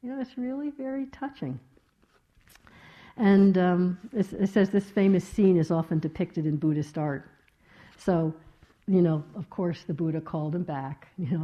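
A woman meditation teacher giving a dharma talk in a gentle, reflective way, with many soft fillers. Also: sits low, normal speed. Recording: slightly dull lo-fi talk recording.

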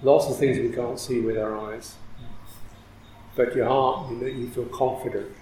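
A man who is a Buddhist monk teacher, giving a reflective dharma talk with frequent soft laughter. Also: mid-range voice, fairly even intonation, normal speed, echoey room, a little hiss or hum, rough recording.

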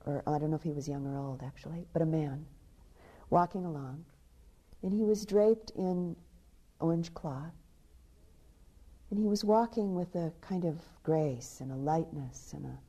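A woman meditation teacher giving a dharma talk. She tells a teaching story softly and drops into hushed, half-whispered passages. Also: low voice, normal speed, pauses often, breathy edge, lo-fi sound.

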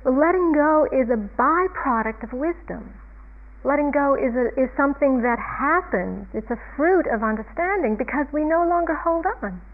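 A woman giving a reflective, unhurried Buddhist dharma talk as a meditation teacher, chuckling often. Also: high-pitched, lively intonation. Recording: tinny phone-like line.

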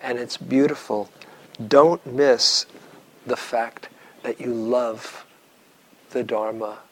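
A man giving a dharma talk to retreat students, telling stories in a slow, reflective way with long pauses. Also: mid-range voice, low-quality recording. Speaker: meditation teacher.

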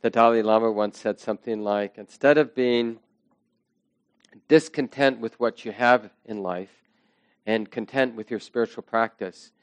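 Guy giving a dharma talk to a class, slow and thoughtful, dry room. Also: lowish voice, dry recording. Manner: slow, reflective, soft trailing phrases. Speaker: meditation teacher.

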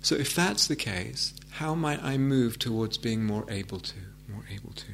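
A man giving a meditation talk, gentle and reflective, with frequent hesitant restarts. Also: medium pitch, expressive, moderate pace, vocal fry, a little hiss or hum. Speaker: meditation teacher. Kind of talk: dharma talk. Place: meditation hall with audience.

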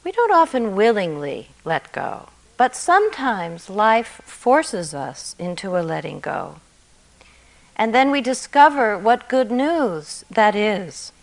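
A woman meditation teacher gives a dharma talk at an unhurried, slow pace. Her voice sits in a middle pitch, gentle and reflective, often softening at the ends of phrases. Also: big pitch swings, vocal fry, rough recording. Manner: gentle and reflective, soft endings.

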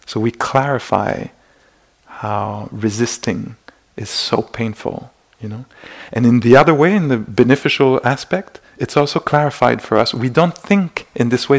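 A meditation teacher speaks in a retreat hall, offering a dharma talk that feels gentle and exploratory. His mid-pitched voice is slightly gravelly, and he frequently stops to voice little inner exclamations.

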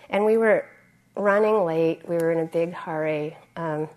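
A woman meditation teacher speaks in an easygoing, conversational way during a dharma talk. She pauses with fillers and clears her throat often. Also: lowish voice, a little mellow.

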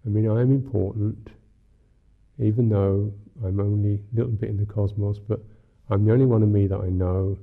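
A Buddhist monk teacher giving a dharma talk in a musing, unhurried, wry way, often saying "you know". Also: male voice, fairly low pitch, little pitch movement, vocal fry. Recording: tinny lo-fi talk recording.

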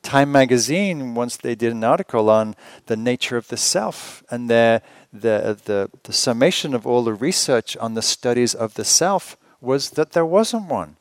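A male meditation teacher gives an evening retreat talk in a relaxed, conversational way, with a mid-range voice and a dry, close sound. He asks the listeners rhetorical questions and keeps a gentle humor. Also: mid-range voice, normal speed, hardly any pauses, no room sound.

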